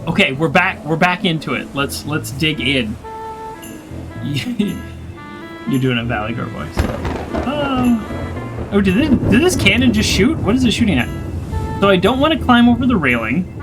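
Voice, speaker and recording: A man's voice: high voice, lively intonation, unhurried, long pauses. A man casually commenting as he plays on a livestream. He is chatty, self-deprecating, and laughs often. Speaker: game streamer. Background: game music.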